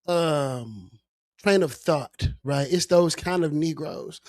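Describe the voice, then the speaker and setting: Podcast co-host, man, unhurried and halting, casual political talk, dry sound. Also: fairly high pitch, a little mellow, no room sound. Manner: slow, halting, incredulous.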